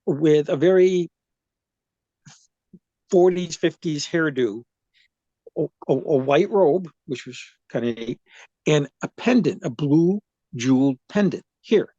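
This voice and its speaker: A man's voice: fairly high pitch, lively intonation, slow pace, long pauses, warm tone, dry recording, highs cut off. Older man telling his story, dry sound. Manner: rambling, with many restarts and fillers. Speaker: interview guest. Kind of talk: personal storytelling.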